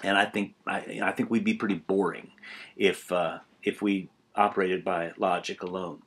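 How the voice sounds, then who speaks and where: An older man teaching a college writing class in a relaxed, conversational way, telling stories with many asides and restarts. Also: deep voice, normal speed, breathy edge. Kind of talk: informal recorded lecture.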